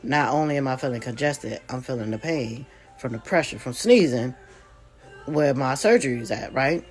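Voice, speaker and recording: A woman's voice: very deep voice, animated, moderate pace, darkish tone, soft background music. A woman vlogger with a congested voice, telling a casual story straight to her viewers with chatty, folksy asides.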